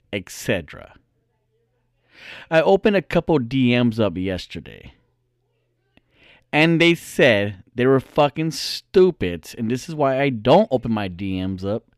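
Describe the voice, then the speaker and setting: Man, casual storyteller, lively up-and-down delivery, laughs a lot, swears, dry close sound. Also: lowish voice, clear, resonant tone, dry recording. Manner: animated, laughs often, swears freely. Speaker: storyteller talking to viewers.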